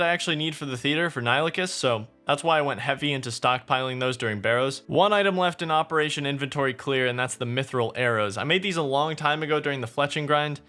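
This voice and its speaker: A young man giving chatty, excitable gameplay commentary to his viewers as a video creator. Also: medium pitch.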